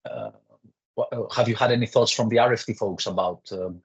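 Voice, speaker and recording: Male moderator, breathy and low, relaying questions politely. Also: a little fast, lo-fi sound. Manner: polite, hesitant, many "uh" and "um". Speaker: session moderator. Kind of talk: reading audience questions.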